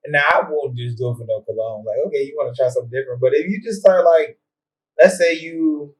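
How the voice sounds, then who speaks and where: A man's voice: fairly high pitch, fairly quick, rough recording. A man co-hosting a podcast in casual chat, easygoing and teasing, often stopping and restarting his sentences. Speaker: podcast co-host.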